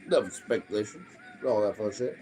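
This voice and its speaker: A man's voice: on the low side, fairly quick, mellow, soft background music. A young man streaming casually from home, cooing baby talk at his pets and swearing freely. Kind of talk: casual live-stream chat.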